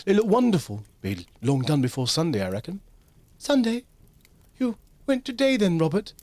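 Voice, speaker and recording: A man doing a weary, gentle mother in a pushed-up falsetto, fretful and soft. The voice leaps high and swings widely, a storybook housewife played for laughs. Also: huge pitch swings, moderate pace, no room sound. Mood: tender. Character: weary gentle mother, middle-aged woman.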